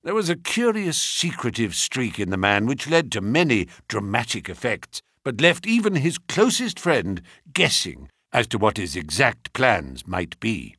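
A man narrating a classic detective story in the first person, reading in an expressive, animated way. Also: medium pitch, unhurried, hardly any pauses, husky, dry recording, studio quality. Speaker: audiobook narrator.

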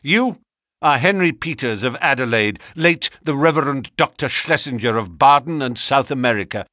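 A man reading an audiobook, voicing a firm, commanding male detective in a raised, louder voice. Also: medium pitch, expressive, dry recording, studio quality, voice pushed up. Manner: brisk and firm.

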